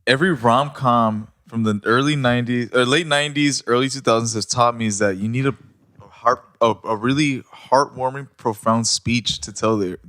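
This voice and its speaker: A man's voice: medium pitch, moderate pace, fairly bright tone. A man co-hosting a casual podcast, chiming in with jokes and wisecracks. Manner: joking, chimes in with wisecracks. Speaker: podcast co-host. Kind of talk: casual chat.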